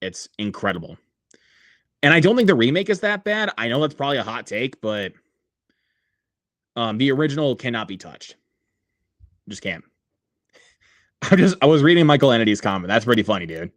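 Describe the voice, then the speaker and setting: A man's voice: mid-range voice, very animated, normal speed, long pauses, no echo. A man hosting a casual livestream, rambling with many fillers and reading viewer comments aloud. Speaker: livestream host.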